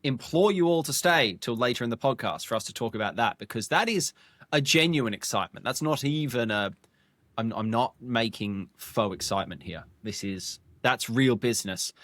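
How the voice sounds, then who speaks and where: An excitable male podcast co-host in casual chat, with a jokey, lively banter manner. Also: mid-range voice, normal speed, no echo.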